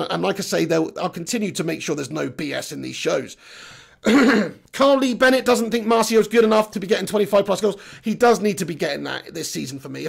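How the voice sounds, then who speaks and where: A young man hosting a football channel, reading viewer comments in a chatty, blunt way while his voice is going hoarse. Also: sits high. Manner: chatty, matey shout-outs, blunt opinions. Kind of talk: casual live-stream chat, reading viewer comments.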